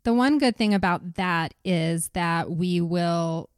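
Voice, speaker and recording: A middle-aged woman co-hosting a podcast, chatting casually and laughing at herself. Her voice sits on the low side and is recorded close and dry, with no room sound. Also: takes it slowly, smooth, no room sound. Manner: giggly, self-deprecating. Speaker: podcast co-host. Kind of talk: casual chat.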